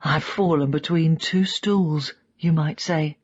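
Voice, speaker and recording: A woman narrator voicing a weary middle-aged former secret police man, confessional and halting, in an audiobook. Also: sits low, fairly even intonation, darkish tone, husky, lo-fi sound, heavily acted. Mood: resigned.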